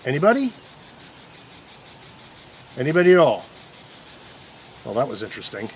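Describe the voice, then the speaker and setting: A man's voice: medium pitch, sing-song, normal speed, a little hiss or hum. A man hosting a paranormal investigation outdoors, talking casually to the viewers with rambling asides and restarts. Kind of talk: casual on-camera commentary. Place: outdoors in a historic park field.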